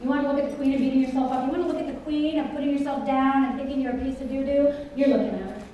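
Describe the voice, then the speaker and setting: A middle-aged woman telling a personal story to a conference audience, animated and often asking the listeners questions. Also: high-pitched, rapid-fire, distant mic, a little hiss or hum. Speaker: conference speaker. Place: large conference hall. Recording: echoey hall, voice picked up from afar.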